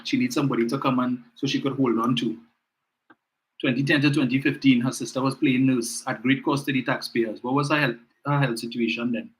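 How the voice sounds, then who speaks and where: Male host, bright sarcastic commentary. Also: medium pitch, low-quality recording. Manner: chatty, sarcastic, addresses listeners as folks. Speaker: talk show host. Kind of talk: casual political commentary.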